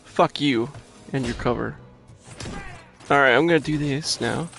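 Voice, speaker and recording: A man playing a video game and commenting, swearing at enemies, talking to his chat and bursting into loud shouts. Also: medium pitch, unhurried, creaky, soft background music. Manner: profane, trash-talks enemies, addresses chat. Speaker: gamer commenting on his own play. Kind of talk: let's-play commentary.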